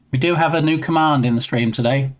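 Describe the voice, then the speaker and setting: Chatty self-deprecating male streamer. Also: a little high. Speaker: streamer and game developer. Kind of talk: casual live-stream chat.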